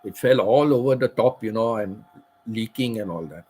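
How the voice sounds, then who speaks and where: A man's voice: lowish voice, moderate pace, dark tone, breathy edge, poor audio. A middle-aged man, casually telling a personal story as a channel host, rambling and repeating phrases. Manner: rambling, repeats phrases, laughs at his own stories.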